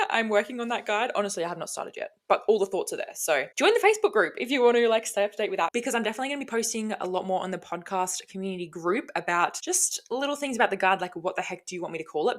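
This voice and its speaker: A young woman talks into a close microphone on her solo podcast. She rambles cheerfully, drops casual swears and keeps catching and mocking her own slips. The delivery is loose, upbeat chat. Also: mid-range voice. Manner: bubbly, rambling, swears casually, laughs at herself. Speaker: podcast host. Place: home room, recording on camera.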